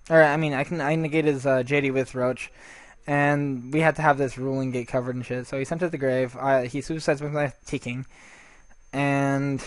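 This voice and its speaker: A man's voice: on the high side, no room sound. A man giving casual, rambling gameplay commentary, swearing freely and restarting his sentences often.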